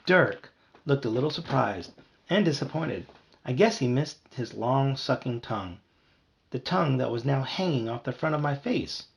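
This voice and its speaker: A man reading a children's book aloud in a lively storytelling manner. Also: moderate pace, gravelly. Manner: lively, voices characters with higher shouts. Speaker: audiobook reader.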